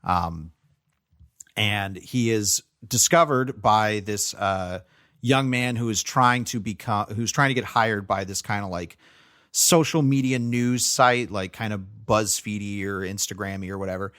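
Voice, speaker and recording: A man's voice: fairly low pitch, measured pace, fairly bright tone. A young adult man co-hosting a podcast, chatting casually about movies with lots of fillers and restarts. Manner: rambling, frequent fillers and restarts. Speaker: podcast co-host. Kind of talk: casual movie review chat.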